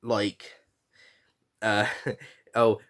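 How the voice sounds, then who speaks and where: In a casual review of a reality show, a podcast host speaks extremely slowly and in a monotone, his voice on the low side yet a bit bright. He's frank, given to swearing, and leans on fillers and restarts.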